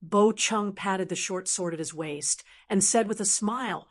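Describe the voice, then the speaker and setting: A woman's voice: medium pitch, unhurried, few pauses. Woman reading a fantasy audiobook. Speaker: audiobook narrator. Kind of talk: audiobook narration.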